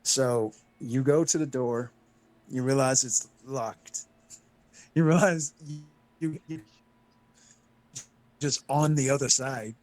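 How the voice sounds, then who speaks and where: Male game master, unhurried, swears and chuckles, mid-pitched voice. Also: a little mellow. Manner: casual, laughing, swearing. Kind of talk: narrating a tabletop horror game.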